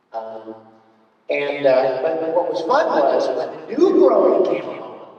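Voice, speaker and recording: A man talking on a convention panel, chatty and animated as he tells stories. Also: fairly high pitch. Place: large convention hall. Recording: echoey hall from far off, muffled.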